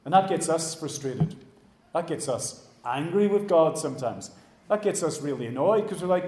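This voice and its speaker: A man preaching a sermon in a church, animated, acting out the voices he quotes and dropping to a hush at the ends of phrases. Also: medium pitch, normal speed, slight background noise. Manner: animated, acts out quoted voices, trails off quietly. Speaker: pastor. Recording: echoey church room.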